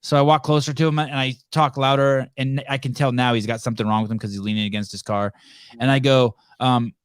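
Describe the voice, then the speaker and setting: Man, podcast host, animated storyteller, stammering, dry mic. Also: medium pitch, quick pace, clean tone, no room sound. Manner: animated storyteller, acts out dialogue, stammers on restarts. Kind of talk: casual storytelling.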